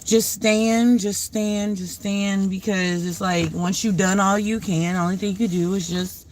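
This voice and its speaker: A woman's voice: medium pitch, fairly even intonation, measured pace, a little mellow, a little hiss or hum. A woman hosting a casual livestream, talking reflectively and answering her viewers' comments as she goes. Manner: conversational, reflective, talks back to viewer comments. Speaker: livestream host.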